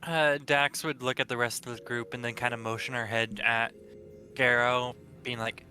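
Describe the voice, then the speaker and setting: A man's voice: medium pitch, level tone, normal speed, pushed and bright, soft background music. A man playing a tabletop game, casually describing what his character does. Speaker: player.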